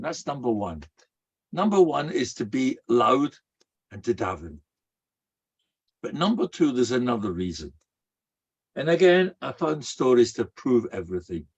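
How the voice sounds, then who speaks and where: Husky-voiced rabbi giving a folksy sermon. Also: male voice, mid-range voice, darkish tone. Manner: folksy storyteller weaving in Hebrew and Yiddish terms. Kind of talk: sermon with storytelling. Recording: dull, muffled lo-fi recording.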